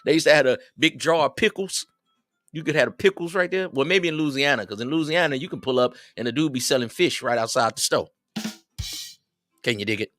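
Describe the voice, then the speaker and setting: A man's voice: mid-range voice, fairly quick, fairly bright tone, no echo, faint music behind. A man hosting a livestream, rambling casually and chatting with his viewers in a streetwise manner. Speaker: livestream host.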